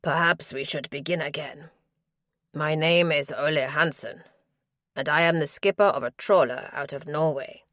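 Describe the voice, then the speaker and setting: Woman doing a charming Norwegian trawler skipper with a faint accent: low, unhurried, passionate. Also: fairly bright tone, dry recording, clean studio sound. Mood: smooth, earnest. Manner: low, passionate, slow and measured.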